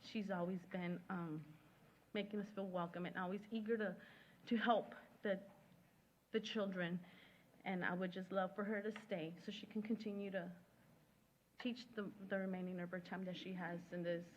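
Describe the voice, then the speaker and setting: A woman speaking as a parent at a school board meeting, emotional and halting, with many pauses and restarts, into a podium microphone. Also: fairly low pitch, fairly even intonation, slight background noise. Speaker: parent giving public comment. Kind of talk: prepared public comment at a meeting. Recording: muffled lo-fi meeting audio.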